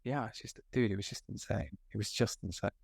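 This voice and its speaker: A young man from Scotland, an actor, telling set stories in a casual interview, animated and slangy, full of filler likes. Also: fairly low pitch, a little fast, gravelly, husky, no echo, clean studio sound. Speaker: actor guest.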